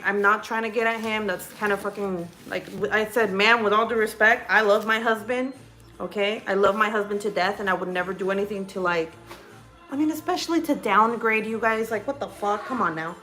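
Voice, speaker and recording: A woman's voice: mid-range voice, moderate pace, faint music behind. A woman vlogger telling a gossipy story from home, casual and rambling, swearing often and restarting her sentences. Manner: profane, rambling, animated storytelling.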